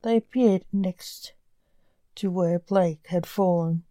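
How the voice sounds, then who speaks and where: A woman narrating a scripted dark fantasy story in a measured, deliberate way. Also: on the low side, no echo, clean studio sound.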